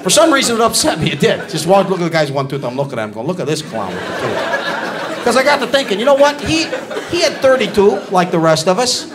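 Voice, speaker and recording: A man doing a stand-up comedy routine on a club stage, ranting, shouting punchlines and bantering with the crowd. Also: sits high, big pitch swings, fast, noisy background. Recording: live club with loud audience laughter. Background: crowd laughing.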